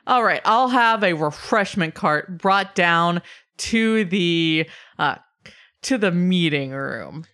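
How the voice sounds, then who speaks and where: A woman running a tabletop roleplaying session as game master. Her voice sits low for a woman. She narrates in a relaxed, unhurried way.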